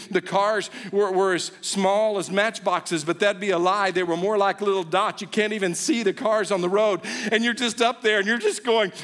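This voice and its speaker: A high-voiced man preaches a sermon, spinning a story with playful, animated energy. His voice rings out with the long reverb of a large hall, like a church sanctuary. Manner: animated storytelling, acts out a baby's voice. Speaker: pastor.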